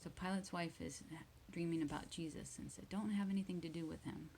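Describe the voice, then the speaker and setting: A woman reading Bible verses aloud slowly and retelling each one in simple words for English learners, at times dropping to a whisper. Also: on the low side, gravelly, darkish tone, slight background noise, rough recording. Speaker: English teacher.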